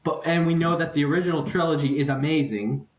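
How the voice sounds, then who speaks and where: Excitable young man, echoey lo-fi room. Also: a little high. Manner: excitable, rambling, quick to joke. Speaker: podcast host. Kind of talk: casual chat.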